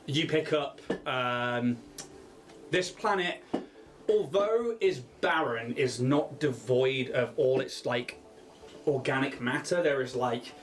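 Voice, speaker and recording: A man's voice: medium pitch, takes it slowly, a little hiss or hum. A man narrating a tabletop game as game master, rambling and often laughing.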